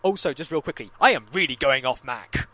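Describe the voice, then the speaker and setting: A young man co-hosting a casual podcast, telling animated anecdotes, acting out quotes and swearing freely. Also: medium pitch, a little fast, no room sound. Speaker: podcast co-host. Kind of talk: casual chat.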